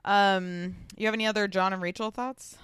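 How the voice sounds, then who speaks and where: A woman co-hosting a podcast, chatting casually about a reality show, full of ums and quick asides. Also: medium pitch, fairly even intonation, fairly bright tone, clear, resonant tone, no echo, clean studio sound. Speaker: podcast co-host.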